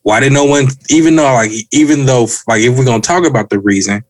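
A man's voice: mid-range voice, fast talker, no echo. A man co-hosting a podcast, laid-back, repeating words for emphasis. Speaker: podcast co-host. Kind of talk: casual chat.

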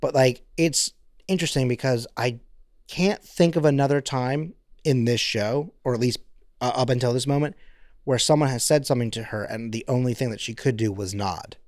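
A man's voice: mid-range voice, moderate pace, darkish tone, no echo, clean studio sound. A man co-hosting a podcast in casual chat, rambling with many fillers and acting out quotes. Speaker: podcast co-host.

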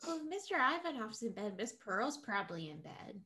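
A woman's voice: fairly high pitch, big pitch swings, moderate pace, pushed and bright, slightly rough. A woman playing in a tabletop game, firm and contrary in her replies. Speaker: player.

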